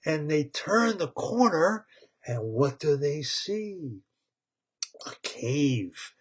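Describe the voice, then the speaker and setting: A man retelling a story with excitement, repeating words, laughing and tripping over tongue twisters. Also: fairly high pitch, extremely slow, breathy edge.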